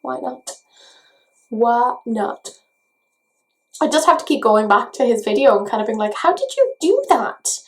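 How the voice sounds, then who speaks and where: Irish woman vlogger, slightly high voice, self-mocking casual makeup chat. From Ireland. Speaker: beauty vlogger.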